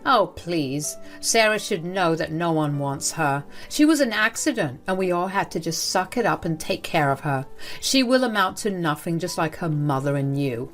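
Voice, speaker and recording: A woman's voice: lowish voice, lively intonation, normal speed, faint music behind, lightly acted. A woman voicing a cruel older woman who runs a school, speaking with cold contempt. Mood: contemptuous.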